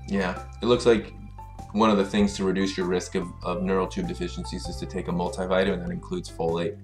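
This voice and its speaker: A man, a teacher, chatting casually on a live stream and greeting viewers by name in a relaxed way. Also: sits low, brisk, faint music behind.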